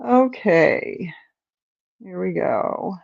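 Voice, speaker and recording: A woman hosts a relaxed crochet livestream from home, rambling through viewer comments at an unhurried pace. Her nose is stuffed up and her voice sits on the lower side. The audio is dull and lo-fi. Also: gravelly. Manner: chatty, meandering, reads and answers viewer comments. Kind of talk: casual livestream chat. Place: at home in front of a camera.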